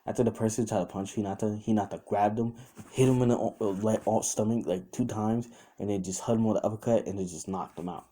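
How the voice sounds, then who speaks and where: A man's voice: lowish voice, steady tone, fast talker, warm tone. A young man casually retelling a fan story off the cuff, rambling with many fillers and restarts. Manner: quotes characters in his own voice.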